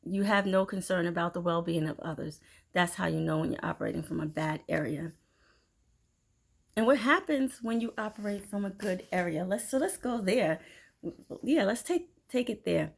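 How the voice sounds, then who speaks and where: A woman giving a casual motivational talk, chatty and animated, acting out little scenes as she goes. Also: on the low side, moderate pace, gravelly. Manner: chatty, animated storytelling with laughs and acted-out quotes. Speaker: inspirational speaker.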